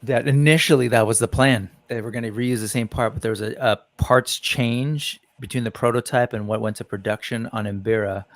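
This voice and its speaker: A man's voice: medium pitch, fairly even intonation, normal speed, few pauses, dry recording. A man hosting a casual livestream, chatting about toy reveals and greeting viewers in the chat by name. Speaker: livestream host.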